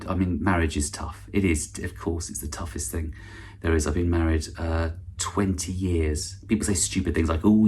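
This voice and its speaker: A man's voice: deep voice, a little hiss or hum. A middle-aged man hosting an online awards ceremony with a dry, self-deprecating stand-up monologue, full of false starts and asides. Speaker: awards host and comedian.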